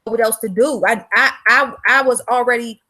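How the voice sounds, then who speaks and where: A high, bright-voiced woman with a drawl talks into her livestream in a loose, chatty way. She's blunt and profane, calling out viewers by name as she goes. Her tone stays sharp and forward throughout. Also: steady tone, normal speed. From South Carolina. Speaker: livestream host selling womb-care products. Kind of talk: casual livestream chat.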